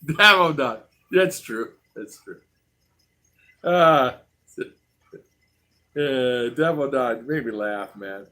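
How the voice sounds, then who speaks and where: A man's voice: mid-range voice, expressive, very slow, long pauses, bright, forceful tone. A middle-aged American man hosting a casual livestream, reading chat and telling stories with laughs and acted-out quotes. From United States. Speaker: vlog host reading live chat.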